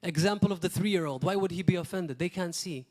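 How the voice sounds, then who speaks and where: A man preaching a sermon as pastor, talking in a lively, rambling way and acting out quotes now and then. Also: high voice, fairly quick. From Malta.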